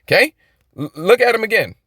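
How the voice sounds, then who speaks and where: A man's voice: high voice, big pitch swings, a little fast, pushed and bright, no room sound, clean studio sound. A man giving casual Bible commentary, emphatic and rhetorical, often checking in with "okay?". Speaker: Bible teacher.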